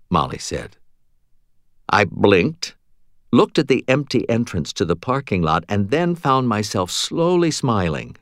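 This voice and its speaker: Expressive low-voiced male narrator. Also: a little slow, no room sound, studio quality. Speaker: audiobook narrator. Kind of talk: first-person audiobook narration.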